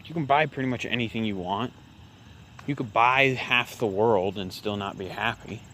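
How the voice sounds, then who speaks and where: A man's voice: lowish voice, normal speed, sharp tone, slight background noise. A man doing casual political commentary in a vlog, rambling and sarcastic, with lots of fillers and restarts, filmed on a handheld camera while he walks around outdoors at dusk. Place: outdoors in a rural area at dusk, moving around.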